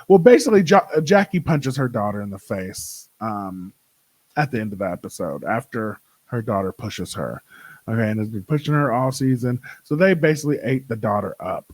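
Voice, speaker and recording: A young man hosting his own show, chatting casually with a sassy, profane, animated way of telling stories. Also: medium pitch, no echo, rough recording. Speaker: podcast host. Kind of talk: casual solo chat.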